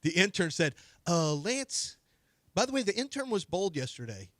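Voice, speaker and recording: A man's voice: high-pitched, sing-song, moderate pace, no echo, studio quality. A man hosting a sports radio show, reading an ad and bantering in a playful, mock-indignant way. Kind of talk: live-read radio ad and studio banter. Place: radio studio. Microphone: studio broadcast mic.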